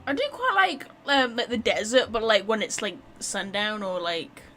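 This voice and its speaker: A woman's voice: medium pitch, big pitch swings, moderate pace, bright, forceful tone, rough recording. A woman giving casual, playful commentary while playing a game, chatty and full of fillers. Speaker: game streamer.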